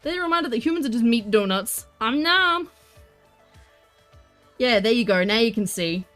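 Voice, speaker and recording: A high-pitched woman chats away on a live stream while she works on crafts. She is bubbly and excitable and cheers when she greets viewers. Soft music plays faintly behind her. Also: normal speed. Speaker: livestreamer.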